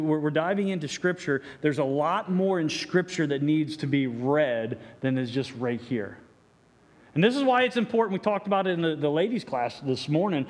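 A man preaching a sermon as pastor, stumbling through many restarts and acting out voices. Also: on the high side. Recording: echoey hall reverb.

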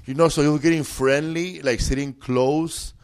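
A man's voice: on the high side, fairly even intonation, moderate pace, a little mellow, clean tone. A man, a comedian guest, telling a rambling, profane story with bursts of laughter in a casual chat.

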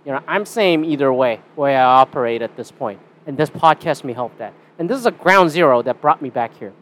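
A man's voice: mid-range voice, lively intonation, a little fast, fairly bright tone, slight background noise. A young Canadian man hosting a casual solo podcast, rambling and swearing with a sarcastic edge. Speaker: podcast host.

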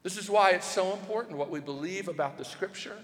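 Animated high-voiced preacher in a hall. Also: male voice, brisk. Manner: animated, rhetorical questions, rising to shouts for emphasis. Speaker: pastor. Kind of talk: sermon.

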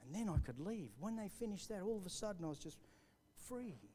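Aussie pastor preaching live in church, bit of a high voice, gets fired up then goes all quiet telling his story. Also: animated, fairly quick, a little hiss or hum. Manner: fervent preaching with rising emphasis, then hushed storytelling. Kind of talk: sermon. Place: church hall, recorded live.

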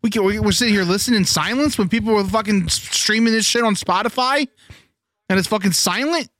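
A man co-hosting a sports podcast, excitable and profane, pleading and arguing in casual chat. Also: high-pitched, fast talker, dry recording, clean studio sound. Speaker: podcast co-host. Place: garage.

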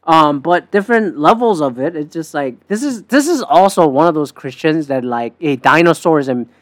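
Casual male podcaster, animated and sarcastic, cursing freely, dry booth sound. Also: fairly high pitch, moderate pace, no room sound. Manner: animated, sarcastic, swears often. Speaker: podcast host. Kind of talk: casual profane monologue.

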